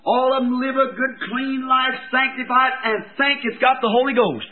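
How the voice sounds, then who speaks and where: A man preaching a fervent sermon, his voice swinging between soft, pleading stretches and loud ones. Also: very high voice, normal speed, phone-quality sound.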